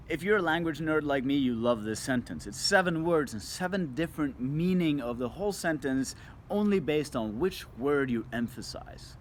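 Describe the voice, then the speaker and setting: A man's voice: fairly high pitch, moderate pace, slight background noise. A man coaching viewers on tone of voice, talking straight to the camera and playing with emphasis to show how delivery changes meaning. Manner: expressive, shifts emphasis and tone to demonstrate. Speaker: communication coach. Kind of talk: scripted video talk to camera.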